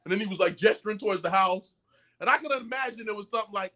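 A middle-aged man, a podcast guest, telling profane stories in an animated way and acting out the voices of the people in them. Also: sits high, racing. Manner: excitable and profane, acts out voices in his stories. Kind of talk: animated storytelling in casual chat.

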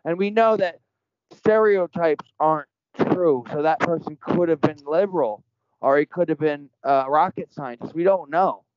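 A man's voice: a little high, moderate pace, background noise. A man telling a story in casual conversation as a podcast guest, earnest and rambling, framing it in spiritual terms. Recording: dull lo-fi dry sound.

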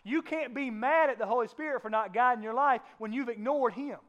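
High-voiced man preaching with passion. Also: brisk, a bit bright, muffled recording. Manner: impassioned preaching, rising and falling, acts out voices in a casual way. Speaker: pastor. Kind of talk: sermon.

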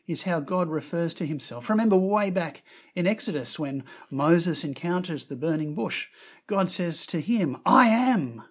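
Male preacher, sermon delivery, breathy tone, expressive narration. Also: a little high, normal speed. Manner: expressive storytelling, raising his voice for quoted words.

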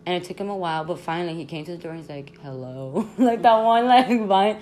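A young woman hosting a podcast, telling a story in a casual, animated, slangy way, full of "like" and swearing. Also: lowish voice, fast talker. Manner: animated, slangy, constant "like", swearing, laughs often. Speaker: podcast host.

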